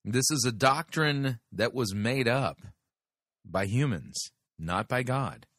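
A man hosting a show, commenting on a sermon clip in a deliberate, critical way and stressing key words. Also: mid-range voice, expressive, a bit bright, no echo, studio quality. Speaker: podcast host critiquing a sermon.

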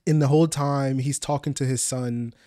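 Young man, podcast co-host, earnest and explanatory, mid pitch, dry sound. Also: fairly even intonation, moderate pace, mellow, dry recording. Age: young adult. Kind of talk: casual faith discussion.

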